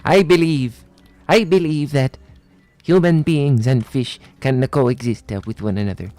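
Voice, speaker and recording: A man voicing Luigi as a pompous male president, in a halting, exaggerated cartoon-Italian put-on voice. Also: medium pitch, a little mellow, pitched above the performer's own voice, natural voice. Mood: earnest.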